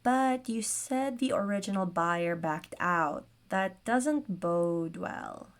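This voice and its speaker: A woman's voice: mid-range voice, animated, slow pace. A woman voicing a curious, practical young woman traveler in a storybook role-play. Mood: skeptical.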